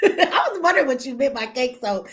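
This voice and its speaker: A woman's voice: sits high, very animated, fairly quick. A middle-aged woman, hosting a livestream and talking bluntly, profanely and with heat to her viewers. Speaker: livestream host. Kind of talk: emotional livestream rant.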